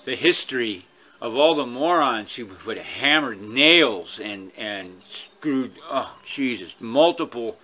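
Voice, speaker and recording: A man's voice: medium pitch, sharp tone. A man vlogger from California telling a long story in a casual, rambling way, with many restarts.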